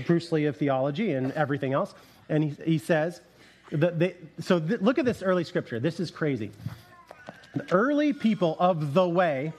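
High-voiced man preaching a loose sermon. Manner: casual, joking, rambling with restarts. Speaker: pastor.

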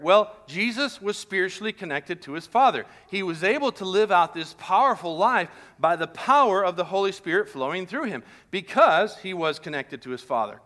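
Guy pastor giving a sermon, bright ringing voice, storytelling vibe. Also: high voice. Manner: storytelling, drops to quiet intimate tones in anecdotes.

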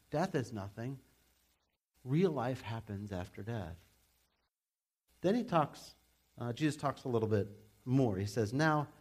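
A male pastor preaching in a relaxed, conversational way. He shifts into animated, humorous asides, and his voice sits at a middle pitch. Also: slightly rough. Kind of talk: sermon.

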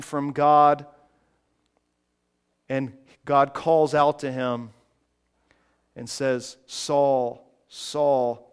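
A man preaching a sermon, moving from quiet reflective passages to loud, emphatic preaching. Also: on the high side, smooth. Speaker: pastor.

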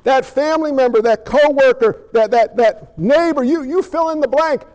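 A man preaching a sermon dramatically, firing rhetorical questions at the congregation and swinging between forceful declarations and hushed asides. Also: very high-pitched, normal speed, highs cut off. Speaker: pastor.

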